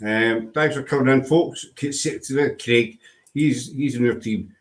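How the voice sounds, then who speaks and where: A man's voice: medium pitch, measured pace. A man hosting a casual live online chat, teasing his guest and reading out viewer comments. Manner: chatty, teasing, reads viewer comments aloud. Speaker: host.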